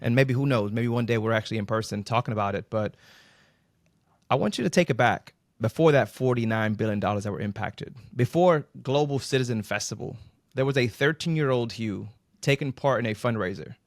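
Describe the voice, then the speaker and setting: A man's voice: mid-range voice, fairly quick, no room sound, clean studio sound. A man hosting a podcast interview over a video call, enthusiastic and informal. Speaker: podcast host.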